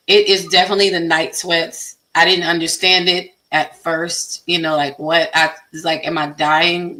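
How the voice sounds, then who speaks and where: A bright, forceful woman in her fifties chats openly on a podcast. She tells her stories in a lively, expressive way and acts out her own reactions. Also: lowish voice, rough recording. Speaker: guest panelist. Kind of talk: candid podcast chat.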